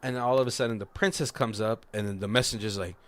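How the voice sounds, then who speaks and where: A man's voice: fairly low pitch, fairly even intonation, fast talker. A man on a podcast casually retelling a film plot, rambling and breaking into laughter often. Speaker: podcast co-host. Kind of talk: casual movie recap.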